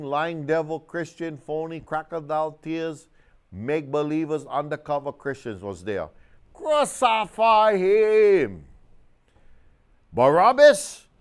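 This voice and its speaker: Male tv preacher, smooth clear voice, super animated, says my friend every other line. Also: on the high side, unhurried. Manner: animated storytelling, acting out crowd shouts; keeps addressing the listener as my friend. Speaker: minister. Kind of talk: TV sermon. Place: TV studio.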